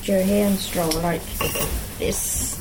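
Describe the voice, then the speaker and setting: A woman's voice: medium pitch, little pitch movement, slow, background noise. A woman with an Irish accent giving short, practical instructions in casual chat. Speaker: guest helper. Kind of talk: casual chat while crafting. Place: garden shed.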